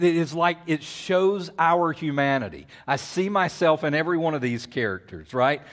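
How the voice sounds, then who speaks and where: A man preaching a sermon, telling a Bible story with lively acted-out voices. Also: on the high side. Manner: animated storytelling with acted-out voices and whisper-yelling. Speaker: pastor.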